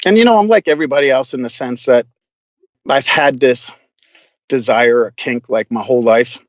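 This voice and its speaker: A man's voice: mid-range voice, normal speed, dry recording, lo-fi sound. A man guesting on a podcast, telling stories casually, laughing a lot and swearing freely with many restarts. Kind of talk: casual storytelling.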